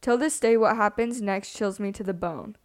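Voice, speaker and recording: A young woman reads a scary story aloud in a hushed, subdued way. Between stories she chats casually as a co-host. Her voice sits at an ordinary middle pitch for a woman. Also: normal speed. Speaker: podcast co-host.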